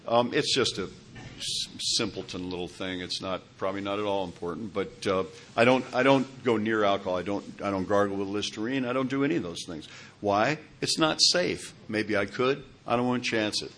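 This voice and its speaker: Telling his own recovery story, a man in his sixties wanders through it in a rambling personal testimony, often checking in with the people listening. His voice is on the low side, brisk, and fairly bright, and he's speaking at a recovery meeting.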